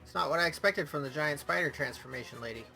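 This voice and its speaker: A man's voice: fairly high pitch, fast talker, gravelly, bright, forceful tone, soft background music. A man playing a tabletop game, joking and swearing as he reacts to the game master. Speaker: player. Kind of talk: casual banter at the gaming table.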